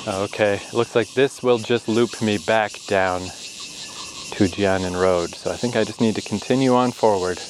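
Male hiker vlogger, lowish voice, sweaty and winded, casual self-mocking rants, faint outdoor insect noise. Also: unhurried. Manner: chatty, swearing, self-mocking grumbling. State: sweaty and short of breath from heat. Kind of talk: casual vlog narration while hiking. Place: outdoors on a forest hiking trail.

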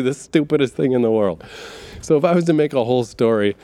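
A man's voice: mid-range voice, big pitch swings, quick pace, dark tone, no echo. A man talking in a casual, rambling monologue, swearing freely and often laughing between his points. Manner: profane, laughs often, many fillers and asides.

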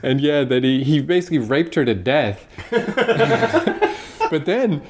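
A man's voice: a little high, sing-song, slow, a little hiss or hum. A man co-hosting a casual TV recap podcast, rambling loosely, laughing often and swearing freely. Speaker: podcast co-host.

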